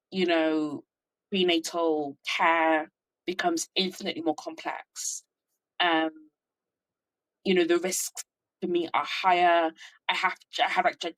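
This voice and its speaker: A woman's voice: on the low side, a bit bright, rough recording. A woman speaking in a casual interview, reflective and hesitant, with plenty of fillers.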